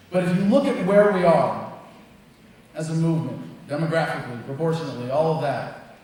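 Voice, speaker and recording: A man's voice: fairly high pitch, darkish tone, a little hiss or hum. A man in his thirties giving a blunt, emphatic speech to a live crowd as an activist speaker, heard from far off. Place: large event space with crowd. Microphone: distant mic, recorded from far off. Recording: echoey hall, far from the mic.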